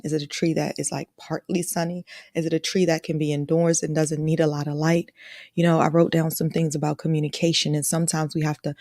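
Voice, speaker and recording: Low gravelly woman giving a motivational talk. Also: no room sound, clean studio sound. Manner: warm, encouraging, emotional, often asking "right?". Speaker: host of a live online talk. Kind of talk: motivational live-stream talk, reading out chat comments.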